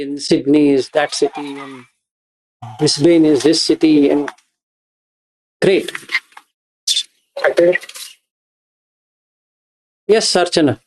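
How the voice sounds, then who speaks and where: A man, explaining a meditation teaching to students in a slow, repeating, questioning way. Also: fairly high pitch, darkish tone. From India. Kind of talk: dharma talk to students.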